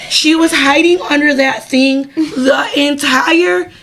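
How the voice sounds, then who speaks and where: A woman's voice: high-pitched, fairly even intonation, slow pace, a bit bright, slight background noise. A young woman co-hosting a podcast, telling a story in casual chat with lots of laughing and fillers. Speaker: podcast co-host.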